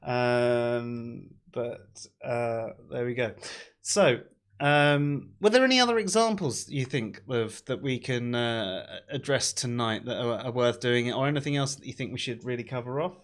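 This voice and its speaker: A man's voice: medium pitch, expressive, measured pace. A man hosting a casual chat, rambling and swearing freely. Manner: rambling, swears, laughs often.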